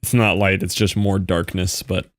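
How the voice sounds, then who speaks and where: A man's voice: lowish voice, normal speed. A man streaming a block-building game, chatting casually and joking back at the videos he plays. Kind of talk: casual gameplay commentary.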